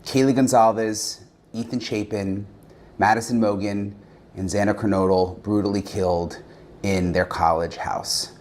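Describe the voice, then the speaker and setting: Earnest male journalist, lowish voice. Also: fairly even intonation, measured pace, a little mellow. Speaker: journalist, show host. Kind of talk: show introduction.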